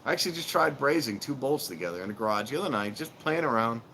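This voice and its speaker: A man's voice: medium pitch, expressive, fast, gravelly, bright, forceful tone, a little hiss or hum. A middle-aged man chatting casually on a live stream, telling rambling, self-mocking stories outdoors.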